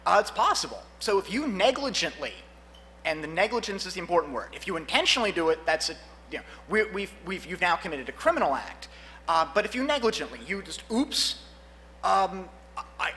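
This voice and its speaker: A man's voice: on the high side, bright, forceful tone, slight background noise. A man giving a live conference talk on law and security, rambling with many fillers and acting out conversations. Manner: rambling, fillers, acts out dialogue. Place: conference hall.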